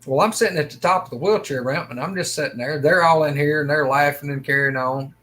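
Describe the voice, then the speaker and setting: Folksy man, higher-pitched. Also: quick pace, a bit bright. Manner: folksy, rambling, acts out quoted lines. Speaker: storyteller of a personal encounter. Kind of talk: casual first-person storytelling.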